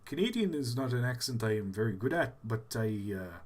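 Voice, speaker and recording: A man's voice: medium pitch, big pitch swings, normal speed, few pauses. A man hosting a casual live stream, chatting in a playful, self-deprecating and rambling way.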